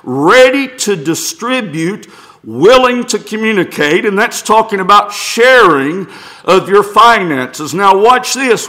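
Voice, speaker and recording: A man's voice: sits high, expressive, slow pace, pushed and bright. A middle-aged male pastor preaching a sermon, reading scripture aloud and building to emphatic points.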